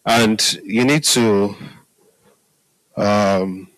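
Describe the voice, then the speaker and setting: Low-voiced preacher, conversational. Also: male voice, fairly even intonation, drawn-out words, dry recording, low-quality recording. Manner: conversational, repeats "Hallelujah" and "are we together?" to the audience. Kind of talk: sermon.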